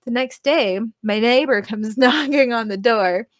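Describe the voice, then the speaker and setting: A woman's voice: fairly high pitch, a little slow, dry recording, studio quality. A woman in her thirties telling a story in casual chat, rambling, swearing and filling her talk with "like.". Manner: rambling, profane, full of "like" fillers.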